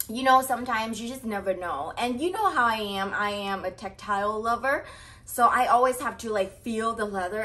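A woman vlogger gushing over a purse she is unboxing, talking excitedly with lots of fillers and breathless exclamations. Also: mid-range voice. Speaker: fashion vlogger.

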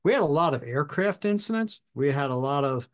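A man hosting a podcast, telling a fire service story in a measured, deliberate way with pauses. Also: fairly high pitch, animated. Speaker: podcast host and fire officer instructor. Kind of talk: storytelling anecdote.

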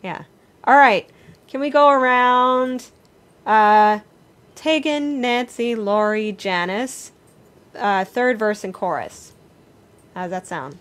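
A woman teaches a vocal workshop over a video call. Her voice sits fairly high, and she moves between friendly explanation and sung examples, always encouraging her students. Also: slow, pauses often, a bit bright. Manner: encouraging, demonstrates phrases by singing. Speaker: singing teacher.

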